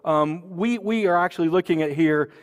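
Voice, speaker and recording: A man's voice: high-pitched, normal speed, smooth, in a large hall. A man preaching a sermon and making church announcements, folksy and joking, with many fillers and restarts. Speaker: pastor.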